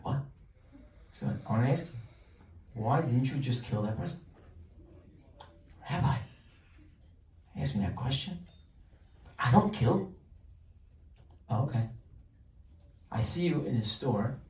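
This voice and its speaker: A man giving a weekly Torah class as a rabbi, acting out imagined dialogues in a lively way. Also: lowish voice. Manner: animated, acts out questions and answers in dialogue. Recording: roomy sound, mic at a distance.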